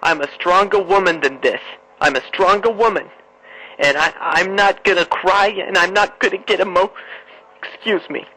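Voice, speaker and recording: A man voicing a distraught mother on a prank phone call, who talks quietly and rambles melodramatically. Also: sits high, normal speed. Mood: hushed upset. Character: distraught middle-aged mother talking hushed. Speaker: prank caller.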